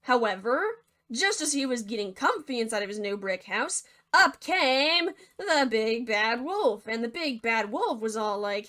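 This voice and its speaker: A young woman narrates a fairy tale for laughs, casual and sarcastic, with constant dry asides. Her voice is somewhat high, bright and forceful. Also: lively intonation, measured pace. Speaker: video creator and narrator. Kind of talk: comedic storytelling narration.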